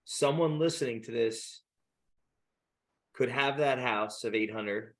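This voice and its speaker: Mid-pitched man, eager host. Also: a bit bright. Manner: interrupts to clarify, quick and apologetic. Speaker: podcast host. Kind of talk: casual interview talk.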